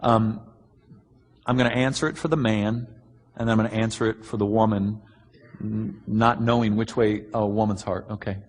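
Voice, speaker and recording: Husky blunt preacher man in a hall. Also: on the low side, fairly even intonation. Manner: earnest and blunt, many "um" pauses. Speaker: pastor. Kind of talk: sermon answering written questions. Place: large church hall. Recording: long hall reverb.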